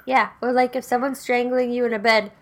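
A woman's voice: a little high, level tone, a little fast. A young woman in casual chat about horror films, dry and matter-of-fact.

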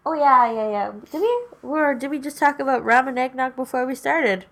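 A woman's voice: high voice, expressive, moderate pace, fairly bright tone. A woman co-hosting a casual podcast chat, joking dryly with sarcastic asides, a little tipsy. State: tipsy from drinking. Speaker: podcast co-host. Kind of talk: casual chat about a horror movie.

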